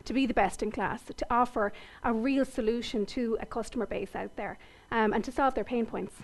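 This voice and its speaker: A woman's voice: a little high, fairly even intonation, brisk. An Irish woman interviewed on the radio about her tech company, upbeat and confident. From Ireland. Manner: upbeat, confident business talk.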